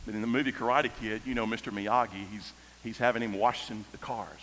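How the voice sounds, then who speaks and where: A man preaching an animated storytelling sermon, swinging between loud exclamations and quiet asides, in a large church hall. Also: lowish voice, brisk, hardly any pauses, slight background noise. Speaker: pastor. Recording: echoey hall.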